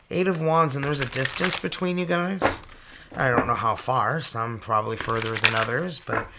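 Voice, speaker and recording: A tarot reader from Canada giving a casual reading to camera. They gush with excitement, exclaim over each card and laugh often. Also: medium pitch, noisy background.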